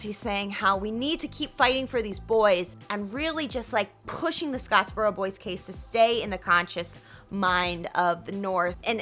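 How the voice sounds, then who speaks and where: A woman's voice: mid-range voice, bright, forceful tone. A woman hosting a casual, chatty history retelling, swearing freely and acting out each character's lines. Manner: chatty and profane, acts out every character's lines. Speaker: storytelling video host.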